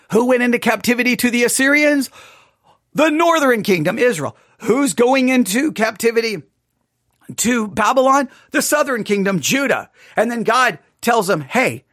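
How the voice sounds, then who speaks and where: A Bible teacher with a strikingly high voice argues his point with sarcastic exasperation. He is recorded close and dry, with no room sound at all. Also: a bit bright, no echo. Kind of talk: livestreamed Bible study commentary.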